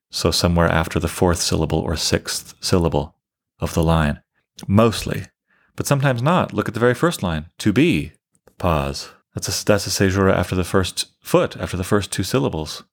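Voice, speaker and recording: A man with a very low voice and a gravelly edge delivers a literature lecture. He explains things step by step, counting and summarizing as he goes. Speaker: literature teacher. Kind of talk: lecture on poetic meter.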